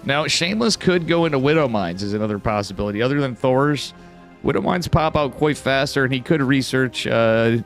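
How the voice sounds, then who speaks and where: Casual upstate New York caster. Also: male voice, medium pitch, a little fast, faint music behind. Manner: casual, swears, bursts of excitement. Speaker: esports caster. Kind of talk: live game commentary.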